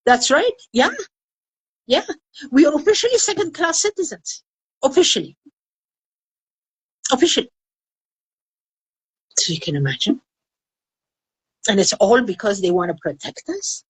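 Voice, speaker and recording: An older woman from Afghanistan speaks in an interview with a husky, breathy voice pitched fairly high. She talks earnestly and insistently, often repeating a phrase for emphasis. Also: big pitch swings, measured pace, pauses often, dry recording, rough recording. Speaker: women's rights activist. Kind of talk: emotional interview. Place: indoors in Kabul.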